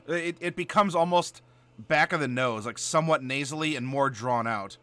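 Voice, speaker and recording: A man with a medium-pitched voice and a slight Southern American accent hosts a casual chat at normal speed. He's playful and animated, laughing often.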